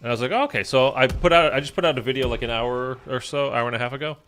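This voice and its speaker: A man's voice: mid-range voice, fairly even intonation, fast talker, a bit bright, clean tone. A man chatting casually while he plays a zombie shooter, rambling with lots of fillers. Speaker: gaming YouTuber. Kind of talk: casual gameplay commentary.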